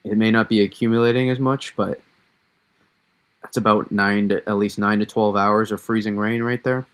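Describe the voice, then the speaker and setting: A man with a Massachusetts accent hosting a casual live weather analysis, thinking aloud in a halting way with many fillers. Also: lowish voice, steady tone, clean tone. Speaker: weather stream host.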